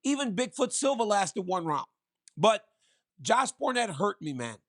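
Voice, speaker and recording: A man co-hosting a casual talk show, telling animated stories and laughing through them. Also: sits high, unhurried. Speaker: co-host.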